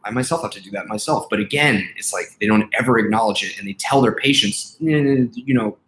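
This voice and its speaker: A young man with a lowish voice rants to camera in a blunt, profane way, leaning on fillers like "you know" and "man". He sounds exasperated and heated. The room around him is echoey. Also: quick pace, fairly bright tone. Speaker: vlogger and life coach. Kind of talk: casual ranting monologue.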